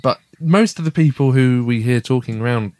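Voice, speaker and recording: A man's voice: mid-range voice, moderate pace, a little mellow, no room sound. A man, co-hosting a casual family podcast in an easygoing way with fillers. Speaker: podcast co-host, father.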